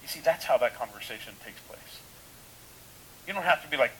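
A man's voice: a little high, big pitch swings, brisk, fairly bright tone, slight background noise, poor audio. A man preaching a sermon in a casual, conversational way, full of rhetorical questions and restarts. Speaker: pastor.

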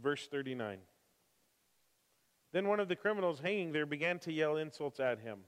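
A man preaching a sermon who moves from calm scripture reading to impassioned, emphatic preaching with repeated phrases. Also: on the high side, moderate pace, pauses often. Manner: emphatic repetition. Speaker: pastor. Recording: long hall reverb.

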